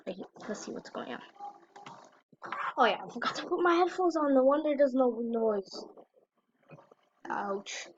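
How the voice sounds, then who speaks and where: A woman's voice: high-pitched, lively intonation, measured pace, long pauses, a little hiss or hum. Exclaiming woman reacting to fail clips. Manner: exclaims short reactions, lots of "oh" and "yo". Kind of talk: casual reaction commentary. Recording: dry, dull lo-fi recording.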